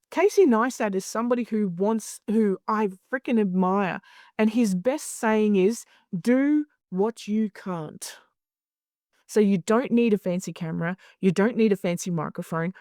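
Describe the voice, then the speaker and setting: A woman guest talking candidly in an interview, blunt and animated, swearing freely as she tells stories. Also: mid-range voice, normal speed, no echo, clean studio sound. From Australia. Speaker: guest, clinical hypnosis director.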